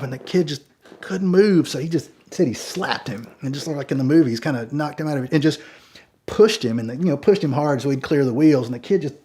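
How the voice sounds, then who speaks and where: A man telling a long story in a casual, animated way, with many fillers and repeated words. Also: mid-range voice, quick pace, slightly rough. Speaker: storyteller guest.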